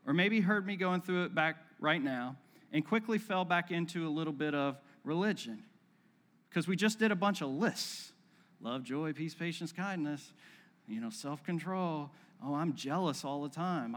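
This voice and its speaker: A pastor preaching a sermon in a relaxed, joking way, acting out everyday scenes for his listeners. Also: a little high. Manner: conversational and joking, acts out little scenes. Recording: long reverb of a hall.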